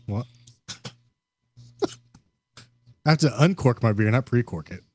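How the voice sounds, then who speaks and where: A man hosting a casual podcast chat, telling stories in an animated way and laughing often. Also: mid-range voice, slow pace, husky. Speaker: podcast host.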